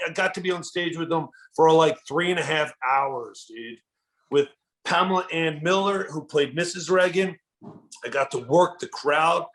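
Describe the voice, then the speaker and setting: A man, a guest comedian, telling a story in animated, enthusiastic casual chat, often saying "dude". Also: fairly high pitch.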